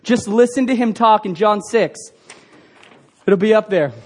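A man's voice: high-pitched, measured pace, a little mellow. A man preaching a sermon as pastor, earnest and emphatic, asking the congregation rhetorical questions.

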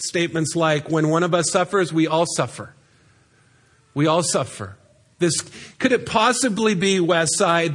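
High-voiced man preaching a sermon. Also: fairly bright tone. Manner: earnest preaching, reading scripture aloud and explaining it. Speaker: pastor. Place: church sanctuary.

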